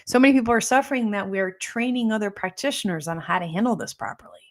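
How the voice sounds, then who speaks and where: A woman's voice: mid-range voice, lively intonation, quick pace. A middle-aged woman, a health practitioner, answering viewer questions in a casual live talk while her nose runs a little. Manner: casual, conversational, tags points with "right?". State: runny nose.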